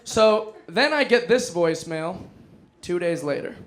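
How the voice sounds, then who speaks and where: A man telling a stand-up story on stage, excitable and laughing through his lines. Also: high voice, unhurried. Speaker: stand-up comedian. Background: audience laughter.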